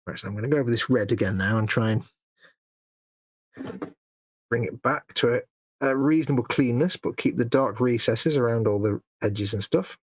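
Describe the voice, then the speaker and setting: A man's voice: mid-range voice, normal speed, slightly rough, dry recording. A British man co-hosting a live painting stream, chatting casually and jokily, often sounding incredulous. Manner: incredulous, jokey, puts on silly voices. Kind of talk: casual chat while painting miniatures.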